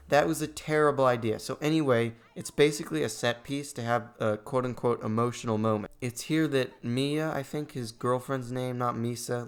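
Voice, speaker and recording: A young man giving a ranting movie review, exasperated and sarcastic, his voice going a bit hoarse. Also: mid-range voice, fairly bright tone. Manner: exasperated, sarcastic, voice spikes when annoyed. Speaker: gaming channel host reviewing a movie.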